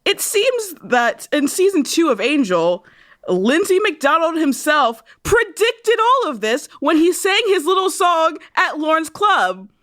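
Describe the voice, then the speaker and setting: High, lively woman podcaster. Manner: enthusiastic, swears freely, quick jokes. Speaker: podcast co-host. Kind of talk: casual rewatch podcast chat.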